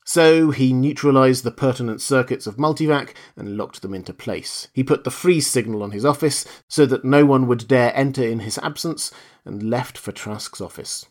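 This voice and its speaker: A man narrating a short story in a measured, expressive reading voice. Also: mid-range voice.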